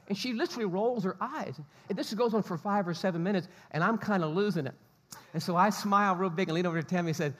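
A man delivers a sermon in a church auditorium. He tells his story with energy and acts out the quoted lines. His voice sits a little high and rings with a long hall reverb. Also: quick pace, fairly bright tone. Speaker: pastor.

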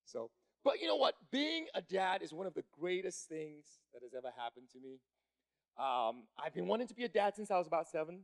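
A man in his thirties telling an animated stand-up story to a live crowd, building up to shouting when excited. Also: sits high, fast talker, vocal fry. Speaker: stand-up comedian.

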